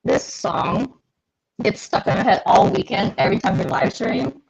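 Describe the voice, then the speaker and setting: Chatty woman co-host with gravelly fry. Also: on the high side, animated, moderate pace, muffled recording. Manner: chatty, laughing, eating while talking. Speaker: podcast co-host. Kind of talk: casual chat livestream.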